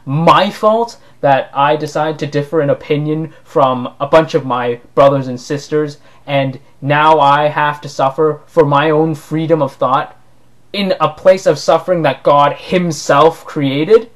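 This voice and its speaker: A vlogger delivers an opinion monologue to camera, sarcastic and argumentative, occasionally rising to indignant outbursts. His voice is on the high side with a steady tone, and he speaks a little slowly.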